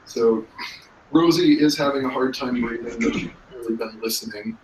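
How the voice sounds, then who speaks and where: A man's voice: mid-range voice, moderate pace, a little hiss or hum. A man as game master narrating a tabletop role-play, casual with lots of filler words. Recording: roomy, distant mic.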